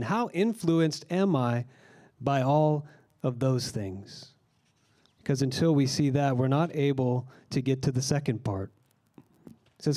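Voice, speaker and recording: A man delivering a sermon in a mellow, warm voice that sits a little higher than most men's. He teaches earnestly and slows down to lean on the phrases that matter. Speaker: pastor.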